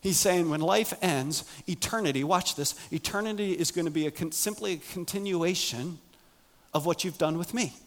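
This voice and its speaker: High-voiced emphatic male preacher. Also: moderate pace. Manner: emphatic, swings between loud raised passages and quiet low asides. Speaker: pastor. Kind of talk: sermon.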